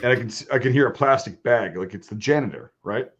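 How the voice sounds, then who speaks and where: A man's voice: mid-range voice, fast talker. A man telling a crude story in casual chat, swearing constantly and laughing often. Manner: animated, laughing, swears a lot. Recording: dull lo-fi sound.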